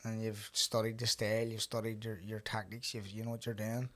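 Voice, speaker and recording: A man's voice: lowish voice, little pitch movement, brisk, a bit bright. A young man, a boxer hosting a casual podcast chat, laid-back and swearing freely as he tells stories. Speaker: podcast host and pro boxer.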